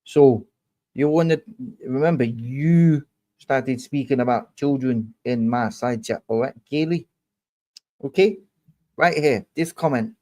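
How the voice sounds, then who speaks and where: With a warm, medium-pitched voice and a measured pace, a young livestream host angrily goes after a commenter. The rant is heated, full of swearing and confrontation.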